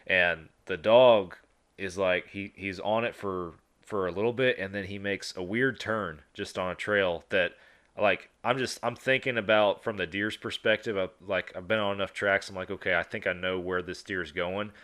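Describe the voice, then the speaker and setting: A man from West Virginia, co-hosting a podcast, telling stories in a relaxed, casual way that turns animated when he retells what people said. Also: low-pitched, normal speed. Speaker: podcast co-host. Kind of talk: casual chat.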